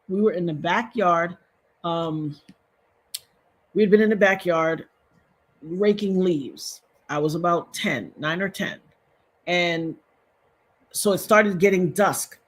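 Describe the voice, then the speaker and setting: Husky-voiced woman in her fifties. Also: lowish voice. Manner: emotional, repetitive, talks straight to viewers. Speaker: livestream host. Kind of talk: casual storytelling livestream.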